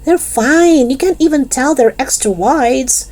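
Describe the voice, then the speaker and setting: A woman's voice: high voice, a little slow, a little mellow, voice pushed up. A woman voicing a cheerful, scheming schoolgirl in a read-aloud storybook. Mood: bright. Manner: cheerful and persuasive.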